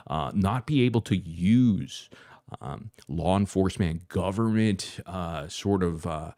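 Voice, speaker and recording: A man's voice: sits low, mellow, no room sound, studio quality. Heated, mocking man ranting on camera. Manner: halting, with many fillers and restarts. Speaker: YouTube commentary host. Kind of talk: ranting commentary.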